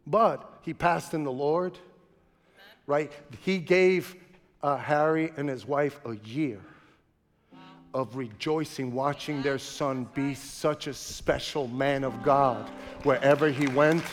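A man's voice: medium pitch, slow pace. A male pastor preaching a sermon in an impassioned storytelling manner, in a large church sanctuary. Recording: long hall reverb with faint music.

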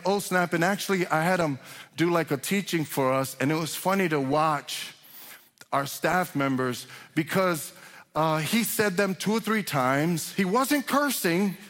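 Man, pastor, sermon, conversational with restarts, fairly high voice, long church reverb. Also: a bit bright. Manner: conversational preaching with repeated restarts, swells in emphasis. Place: church sanctuary.

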